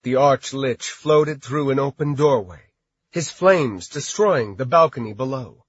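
A man narrating a fantasy story as an audiobook, in a steady, measured way. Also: medium pitch, slightly rough, no room sound. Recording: dry, slightly dull recording.

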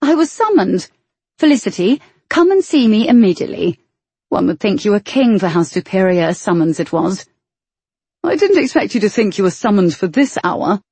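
A woman voicing an impulsive, spirited young lady who talks in an animated, dramatic way. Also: mid-range voice, normal speed, slightly rough, no echo. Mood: earnest.

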